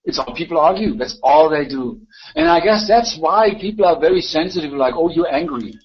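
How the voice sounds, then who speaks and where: Man with a high voice, argumentative and mocking, live voice chat rant, dull lo-fi audio. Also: lively intonation, brisk. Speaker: chat room speaker.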